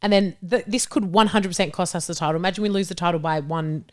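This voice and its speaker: A woman's voice: lowish voice, fast. A young woman from Australia co-hosting a casual football podcast, talking animatedly and acting out referees' lines. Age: young adult. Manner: animated, quotes referees in put-on voices. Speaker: podcast co-host.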